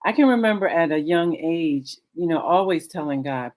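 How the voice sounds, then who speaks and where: A middle-aged woman on a video call telling her story with many pauses and fillers, acting out the dialogue she recalls. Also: sits low, darkish tone. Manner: halting, many fillers, acts out quoted dialogue. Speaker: guest sharing her story. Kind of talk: candid conversational storytelling.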